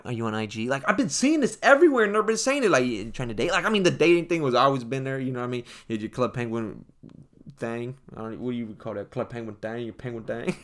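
A man's voice: fairly high pitch, fairly bright tone. A young man hosting a casual comedic monologue, joking and slangy, often calling listeners folks.

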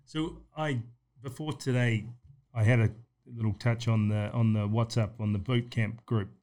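Male host, medium pitch, chatty, affirming, asks long winding questions. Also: fairly even intonation, moderate pace, darkish tone. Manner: encouraging, frequent short backchannels, rambling questions. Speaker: podcast host. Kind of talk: casual interview.

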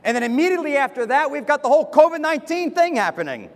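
Lively, fast-talking man preaching. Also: very high-pitched, big-room sound. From United States. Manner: fast, animated personal storytelling. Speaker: pastor. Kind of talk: sermon. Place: church with a pulpit.

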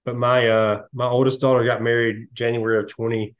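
A man, hosting a podcast and telling stories in a relaxed, chatty way, lively when he quotes others. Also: mid-range voice, brisk. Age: 50s. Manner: storytelling, animated when quoting others. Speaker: podcast host. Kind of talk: casual chat.

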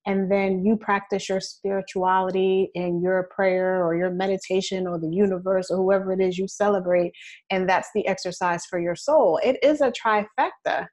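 A woman's voice: medium pitch, moderate pace. Woman podcast co-host, upbeat and emphatic, casual chat delivery. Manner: upbeat, emphatic, rises into excited exclamations.

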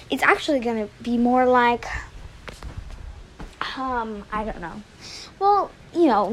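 Slow, high-voiced rambling woman. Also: slight background noise, low-quality recording. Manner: rambling, hesitant, many fillers. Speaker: podcast host. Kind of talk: casual chat. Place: indoors at home. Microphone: phone.

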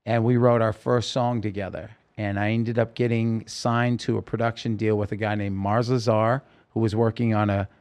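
Animated storytelling man in his fifties. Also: lowish voice. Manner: animated storyteller, acts out dialogue. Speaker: podcast guest, rock singer. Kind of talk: storytelling interview.

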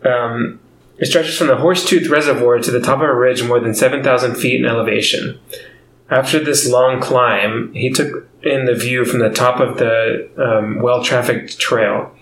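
Laughing podcast host, roomy echo. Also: male voice, medium pitch, steady tone, moderate pace, a bit bright, a little hiss or hum. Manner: laughs often, rambling with fillers. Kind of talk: casual comedic podcast chat.

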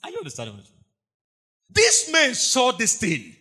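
A pastor preaching with fervor, repeating phrases for emphasis. His voice is high and bright with a husky grain. It leaps between shouted peaks and hushed asides. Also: wildly swooping pitch, moderate pace. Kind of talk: impassioned sermon.

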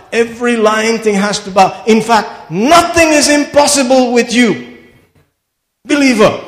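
A high-pitched man preaches a sermon, swinging from low asides to shouted declarations. His voice rings with a long reverb through a large hall.

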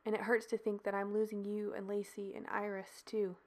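A woman voicing a grown woman who speaks softly with a wavering voice. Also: medium pitch, flat delivery, brisk, close to an everyday voice. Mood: hurt. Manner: soft, wavering. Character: grown woman, hurting and tender librarian.

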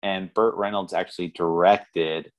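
A man with a notably low voice co-hosts a casual film podcast. He talks loosely, circling back with fillers and restarts as he recalls scenes. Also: fairly even intonation, unhurried. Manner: rambling, many fillers and restarts. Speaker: podcast co-host. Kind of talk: casual movie review chat.

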